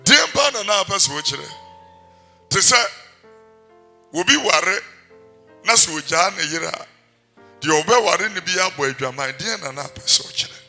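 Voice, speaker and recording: A pastor preaches in a high, sharp voice, swinging from loud, sung lines down to low, quiet asides. Soft music plays under him. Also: male voice, animated, moderate pace, vocal fry, pauses often. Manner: preaching that switches between loud and soft, breaking into song. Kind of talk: sermon.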